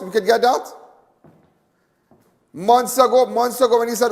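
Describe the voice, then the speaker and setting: A Trinidadian man hosts a live talk show in a high-pitched voice. He rambles from story to story, boasts freely and slips in jokes. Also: fairly even intonation, a little fast, creaky. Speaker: crime show host.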